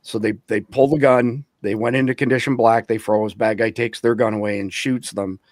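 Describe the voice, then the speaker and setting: A man hosts a podcast and lays out his questions in a measured, explanatory way. His voice sits at a middle pitch, recorded dry with no room sound. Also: fairly even intonation, dry recording. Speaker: podcast host. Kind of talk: interview questions.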